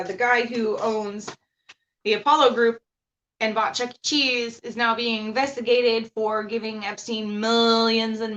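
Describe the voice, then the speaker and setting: A woman's voice: mid-range voice, fairly bright tone. Profane, rambling woman livestream host. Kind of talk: casual ranting livestream.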